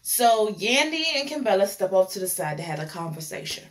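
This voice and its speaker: A woman's voice: medium pitch, big pitch swings, fairly quick, a little hiss or hum. A young woman reviews a reality show in casual, opinionated chat, repeating phrases and laughing often.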